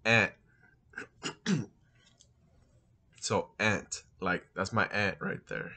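A vlogger in his thirties from East Los Angeles, California, speaks with an East LA accent in a lowish, creaky, bright and forceful voice. He casually answers accent tag questions, thinks aloud, and drops in a few Spanish words.

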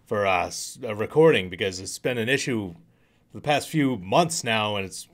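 A man's voice: fairly low pitch, expressive, normal speed. A man hosting a reaction video, chatting to viewers in a casual, offhand way. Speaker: reaction channel host.

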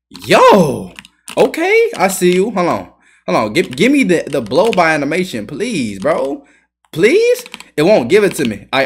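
A young male gamer talks over his own gameplay, taunting other players, cursing and breaking into yells when a play goes wrong. His voice is a little husky. His pitch jumps around a lot from line to line. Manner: trash-talking, swearing, yelling at other players. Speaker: gaming YouTuber. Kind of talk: live gameplay commentary.

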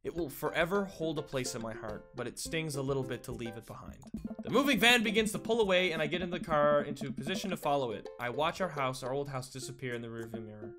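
A man's voice: a little high, quick pace. Man reading aloud over game music. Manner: theatrical, emotive reading with asides to viewers. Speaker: gaming YouTuber. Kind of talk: let's play, reading game dialogue aloud. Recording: game music playing underneath.

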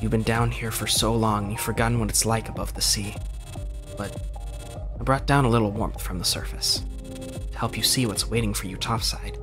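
A man playing a game and reading its dialogue aloud in a gentle, reassuring way. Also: lowish voice, steady tone, moderate pace. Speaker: game streamer. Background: game music.

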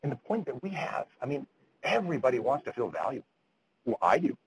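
A male physician giving a medical grand rounds lecture, speaking at a quick clip. His delivery is earnest, with frequent restarts and repeated words. His pitch sits in the middle range, and a faint hiss runs under the sound. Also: big pitch swings, gravelly, low-quality recording.

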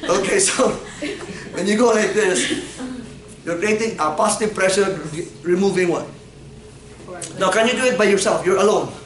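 A man's voice: sits high, moderate pace, long pauses, a bit bright. A man lecturing on anatomy in a classroom, playfully quizzing his students and laughing often. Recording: echoey classroom from far off.

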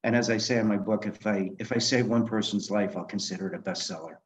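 A man's voice: lowish voice, fast, slight background noise. A man in his sixties, an author and director, telling stories in a podcast interview and acting out the dialogue. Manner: animated anecdotes, acting out quoted dialogue. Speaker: guest, author and film director. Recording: dull lo-fi sound.

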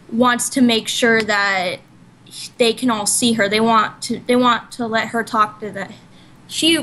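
A woman's voice: fairly high pitch, sharp tone, poor audio. A woman co-hosting a casual podcast chat, retelling a story in a rambling way full of "like" and "you know", often correcting herself mid-sentence. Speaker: podcast co-host.

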